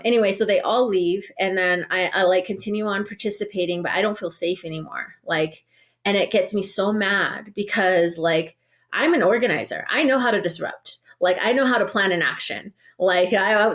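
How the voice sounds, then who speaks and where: A woman's voice: mid-range voice, normal speed. A woman from the Navajo Nation, an organizer, recounting an experience in casual speech with many "like"s and restarts. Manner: heavy use of "like" and restarts, animated storytelling. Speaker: organizer, podcast guest.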